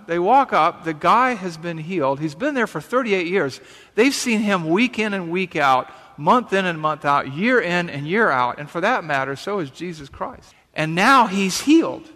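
A pastor giving a sermon, reading scripture and then explaining it in a conversational, emphatic way with repetitions. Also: male voice, sits high, pushed and bright, in a large hall.

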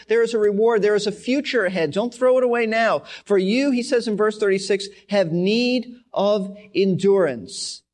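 High male voice, pastor, Bible teaching, earnest, emphatic, repeats key words. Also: expressive, normal speed.

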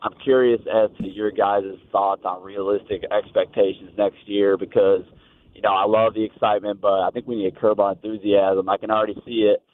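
A man calls in to a radio show from his car and asks his questions in a calm, measured way. His lowish voice comes through a narrow, phone-like line. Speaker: caller. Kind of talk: call-in chat.

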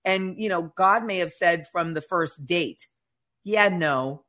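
Woman, podcast co-host, bright forceful tone, animated storytelling, casual faith chat. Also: on the low side, a little slow. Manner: animated storyteller who acts out quotes.

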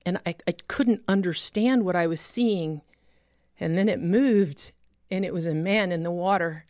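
A woman telling a dramatic faith testimony as a preacher, intense and vivid, dropping low and quiet at solemn moments. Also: measured pace, no room sound, studio quality.

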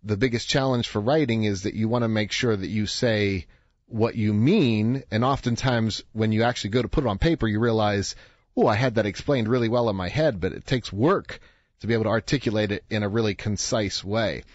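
A man's voice: lowish voice, a little fast, no echo. Radio host man telling stories, dry studio. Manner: conversational storytelling, acts out quoted voices. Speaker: radio talk show host. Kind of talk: radio talk monologue. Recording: dry, slightly dull studio sound.

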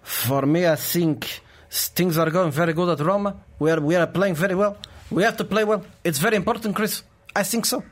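A man impersonating a self-assured foreign male football manager who speaks slowly in clipped phrases. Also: high voice. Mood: smug. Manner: slow, with clipped non-native phrasing.

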